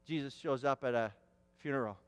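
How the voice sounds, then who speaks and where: A man's voice: medium pitch, brisk. A man preaching a sermon as pastor, emphatic and repeating words for stress, with a long hall reverb.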